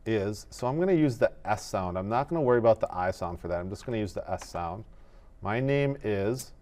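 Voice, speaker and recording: A man teaching animation in a screen-recorded tutorial, explaining each step in a methodical, relaxed way. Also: lowish voice, fast talker.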